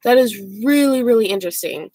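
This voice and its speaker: With a warm tone and lively intonation, a woman in her forties from the US talks briskly and chattily to viewers during a van-life vlog, rambling with many ums and likes. Her voice is on the high side, and there's no echo.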